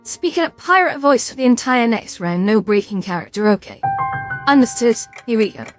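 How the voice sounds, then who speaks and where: A woman's voice: fairly high pitch, big pitch swings, normal speed, music in the background. A young British woman streaming a quiz game, chatting casually, reading questions aloud and stumbling over hard words with a self-mocking, swearing manner.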